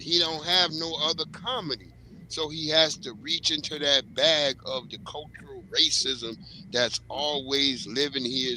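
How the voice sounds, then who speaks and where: A man's voice: mid-range voice, pushed and bright, a little hiss or hum, low-quality recording. A man on a panel podcast ranting heatedly and cursing freely. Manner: heated, profane, launches into rants. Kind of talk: casual panel discussion.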